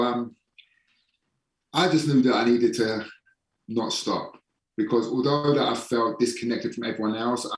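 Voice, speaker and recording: Man, low-pitched voice, podcast guest, frank and casual, swears, slows for emphasis, echoey room, a bit far from the mic. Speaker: podcast guest, holistic performance coach. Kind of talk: casual storytelling interview.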